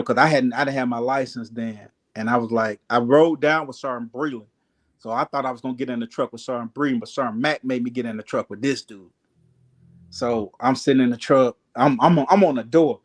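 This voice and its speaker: A man telling a long story in casual chat, acting out voices and laughing often. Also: mid-range voice.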